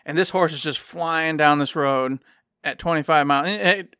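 A man from Michigan, co-hosting a podcast and telling a rambling, animated story in casual chat, acting out the people he quotes. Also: a little high, normal speed, clean tone, no room sound, studio quality. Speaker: podcast co-host.

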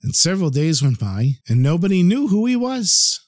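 A man narrating a folk tale for a storytelling podcast, his voice moving up and down with animated expression. He sits a bit higher than most men, and the recording is dry and close with no room sound. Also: moderate pace, no room sound.

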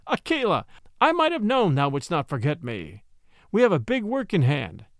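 A man voicing a young boy raised by wolves, urgent and quick to give orders in an audiobook story. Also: sits high, huge pitch swings, dry recording, studio quality, full character voice.

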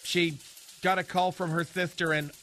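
A man's voice: high-pitched, flat delivery, moderate pace, fairly bright tone, a little hiss or hum. A man playing a campy, fussy, flamboyant gay character in a radio comedy sketch, chattering to unseen people. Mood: gossipy.

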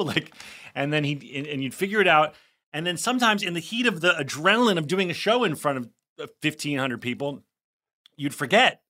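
Man, bright tone, chatty podcast co-host, rambling anecdotes. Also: fairly high pitch, expressive, quick pace. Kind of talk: casual chat.

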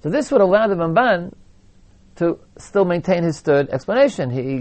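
A man's voice: fairly high pitch, animated, normal speed, darkish tone, highs cut off. A man teaching a Torah lecture, explaining texts and acting out quoted complaints with emphasis.

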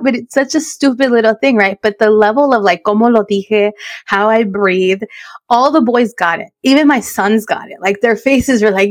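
A woman's voice: a little high, fairly quick, a little mellow, no echo, clean studio sound. A middle-aged woman, co-host of a chat podcast, telling a story with lots of laughs and Spanish phrases mixed into her English, her throat a little sore.

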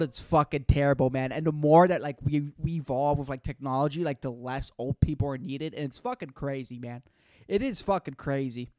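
A man's voice: a little high, darkish tone, clean tone, no echo. Rambling, profane man in his twenties. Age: 20s. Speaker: podcast host. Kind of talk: casual solo podcast rant.

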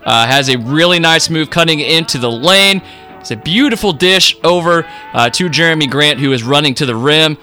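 Bright-voiced man chatting about basketball. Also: a little high, normal speed, faint music behind. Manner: relaxed, rambling with fillers. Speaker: sports podcast co-host. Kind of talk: casual sports chat.

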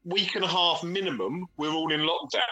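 Bright-toned blunt man. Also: fairly high pitch, fairly quick, rough recording. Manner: blunt, sweary, explanatory. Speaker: podcast co-host. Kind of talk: casual chat.

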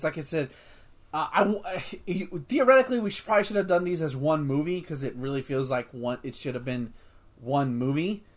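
A man hosting a casual movie review podcast, talking in an excitable, rambling way with frequent swearing and restarts. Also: on the high side. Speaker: podcast host.

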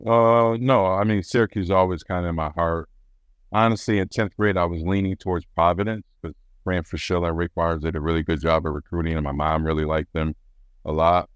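A former basketball player chatting as an interview guest, relaxed and rambling, with fillers and restarts, from Rochester, New York. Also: male voice, sits low, a little fast, clean tone, dry recording. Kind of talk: casual interview storytelling.

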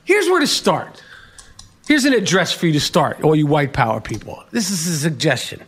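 A middle-aged man hosting a podcast, ranting profanely and bursting into shouts. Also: on the high side, very animated, normal speed, slightly rough. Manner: swears heavily and shouts in bursts. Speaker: podcast host. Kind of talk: profane, animated podcast rant.

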